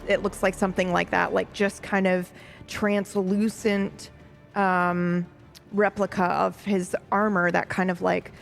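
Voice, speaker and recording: Deep, heavily gravelly woman player. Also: level tone, measured pace, soft background music. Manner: thoughtful, searching for words. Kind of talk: describing her character's actions in a tabletop game.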